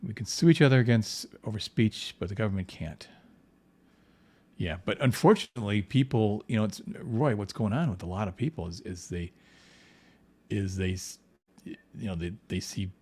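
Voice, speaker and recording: A man with a fairly low voice, chatting loosely as he paints comic art on a livestream. He rambles, restarts his sentences and leans on "you know" over and over. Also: animated, moderate pace, a little mellow. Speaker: comic book artist. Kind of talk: casual livestream chat while painting.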